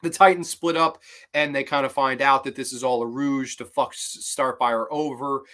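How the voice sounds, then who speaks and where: A young man hosting a casual review show, talking in a rambling, animated way with many restarts and sudden jumps in emphasis. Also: mid-range voice, moderate pace. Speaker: host of a cartoon review show. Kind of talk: casual spoken episode review.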